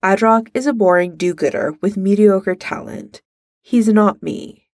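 A woman's voice: medium pitch, measured pace, darkish tone, no echo, clean studio sound, lightly acted. A woman voicing a drawling, sneering young man. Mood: scornful. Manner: drawling, clipped and scornful. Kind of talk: fan fiction read aloud.

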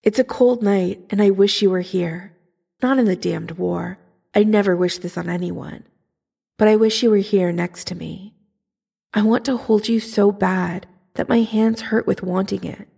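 A woman's voice: medium pitch, fairly even intonation, a little slow, gravelly, warm tone, slightly rough, heavily acted. A woman voicing a young male soldier writing an earnest, yearning love letter, in a fan fiction audiobook reading. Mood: tender.

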